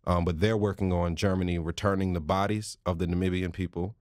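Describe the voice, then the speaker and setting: Brief: male guest in his twenties, low-pitched and dry, casual, thinks aloud, heavy use of "like". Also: fairly even intonation, a little fast, darkish tone, no room sound. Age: 20s. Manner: reflective, searching for words, frequent "like" fillers. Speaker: activist guest. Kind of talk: casual conversation.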